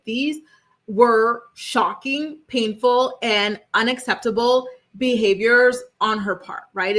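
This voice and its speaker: A woman's voice: fairly high pitch, a bit bright. A young adult woman hosting a celebrity gossip livestream, chatting casually, reacting to viewer comments, with constant "like" and "right?" tags and emphatic opinions.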